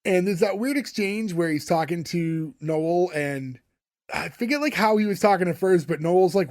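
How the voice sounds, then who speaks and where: A man's voice: high voice, normal speed, darkish tone. A young man co-hosting a podcast, rambling through an episode recap with lots of fillers. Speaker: podcast co-host. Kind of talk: casual recap chat.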